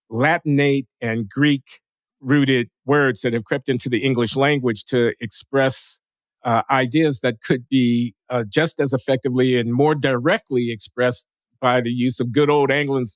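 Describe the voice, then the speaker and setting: A man hosting a conversation, speaking in a measured, deliberate way with frequent hesitations. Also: medium pitch, dry recording. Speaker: host. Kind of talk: conversational discussion.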